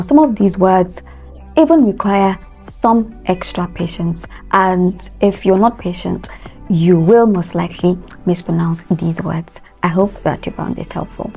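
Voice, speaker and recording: Slow, deliberate woman coaching pronunciation. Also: mid-range voice, vocal fry, mellow. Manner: slow, deliberate, repeats words for drill. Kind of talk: pronunciation lesson.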